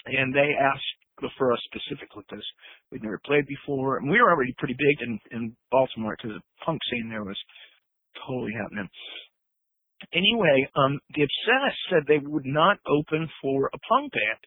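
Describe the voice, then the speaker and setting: A man telling a lively story as a guest musician, laughing and swearing as he acts out what others said, on a phone line. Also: mid-range voice, normal speed, vocal fry, husky, no echo. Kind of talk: animated storytelling.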